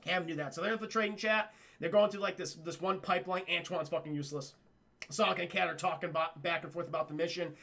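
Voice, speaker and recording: Excitable, foul-mouthed male streamer. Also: a little high, quick pace, vocal fry. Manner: excitable, profane, keeps addressing his chat. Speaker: livestream host reviewing a cartoon. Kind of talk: casual livestream commentary.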